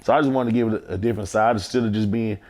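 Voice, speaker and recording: Rapper guest, thirties man from Houston, rapid blunt street talk. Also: fairly low pitch, steady tone, a crowd in the background. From Houston, Texas. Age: 30s. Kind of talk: casual interview chat.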